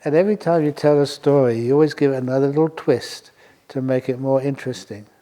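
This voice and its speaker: A man's voice: medium pitch, quick pace, mellow. An older man, a monk, giving a dharma talk to a retreat audience, telling a humorous story and often chuckling. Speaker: monk teacher.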